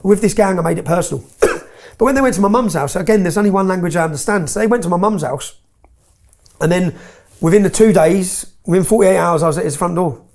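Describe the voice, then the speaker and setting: A man's voice: sits high, fast, a little mellow. A man tells his story in an interview, bluntly and with swearing, often checking in with "yeah?".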